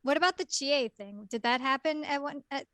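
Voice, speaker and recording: A woman's voice: high-pitched, moderate pace, pushed and bright, no room sound. A woman co-hosting a podcast, chiming in on an anime recap with short remarks and laughs. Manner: short interjections and laughs, easygoing. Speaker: podcast co-host. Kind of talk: casual anime recap chat.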